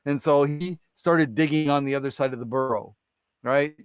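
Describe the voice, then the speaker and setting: A man's voice: a little high, normal speed, clear, resonant tone, dry recording. Rambling man telling a folktale. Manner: rambling, filler-heavy, keeps asking "right?". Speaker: live-stream host. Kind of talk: casual folktale storytelling on a live stream.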